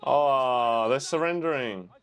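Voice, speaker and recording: A young man hosts a reaction video, watching a film for the first time and chatting, exclaiming, and thinking out loud as he goes. His mid-range voice is slow, smooth, and a bit bright.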